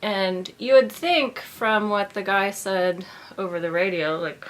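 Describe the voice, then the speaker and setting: A woman's voice: mid-range voice, a little slow. A woman vlogger talking in a casual, rambling monologue full of "like".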